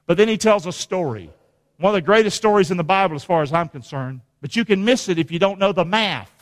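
A man preaching a sermon, animated and calling on the congregation to answer back. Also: high-pitched, quick pace. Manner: animated, call-and-response with the congregation. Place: church hall. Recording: long hall reverb.

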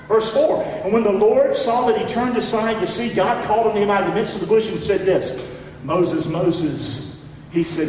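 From far off in a large, long-echoing church hall, a high-voiced male pastor delivers a sermon at normal speed, with a faint hiss beneath his voice. He calls on the congregation to answer him and alternates between ringing shouts and soft, low asides.

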